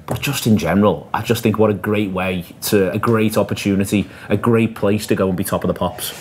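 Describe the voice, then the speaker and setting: A man hosting a casual football chat from a bar, quick and teasing. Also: on the low side, fairly even intonation, slight background noise. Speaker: podcast host.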